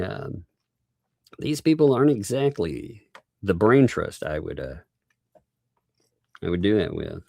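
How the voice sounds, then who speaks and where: Male livestream host, lower voice, dry close sound, sarcastic commentary on legal documents. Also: gravelly, darkish tone, dry recording. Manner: sarcastic, reads legal text aloud with asides and laughs. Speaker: livestream host reading court filings.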